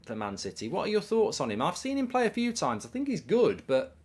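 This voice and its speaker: A man's voice: high voice, huge pitch swings, a little fast, breathy edge. Man, middle-aged, watchalong host, casual chat, reacting to the match. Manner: casual, chatty, reads out viewer messages. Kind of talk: live football watchalong commentary.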